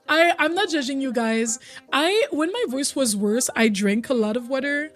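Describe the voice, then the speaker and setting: A woman's voice: high-pitched, animated, measured pace, faint music behind. A young woman streaming a game and chatting casually with her viewers, getting over a cold. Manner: chatty, reads and answers chat, hums and sings bits. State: recovering from a cold.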